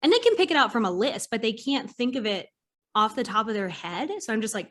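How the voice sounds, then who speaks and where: Animated woman therapist hosting a chat. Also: a little high, a little fast. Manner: animated, swears casually, acts out clients' voices. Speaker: podcast host and therapist. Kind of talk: casual conversational interview.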